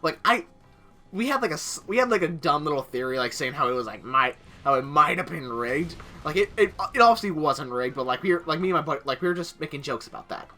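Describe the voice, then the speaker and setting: A man's voice: on the high side, lively intonation, fast, pushed and bright, soft background music. A young man casually narrating over gameplay, rambling through a story with many filler words. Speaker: gaming channel host.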